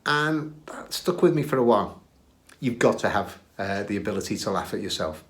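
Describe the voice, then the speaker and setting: A man's voice: fairly low pitch, animated, normal speed. A middle-aged man with a British accent hosting his own show, telling stories from his career in a chatty, self-deprecating way with plenty of "uh"s and restarts. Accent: British English. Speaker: podcast host recounting his career. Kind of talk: casual storytelling.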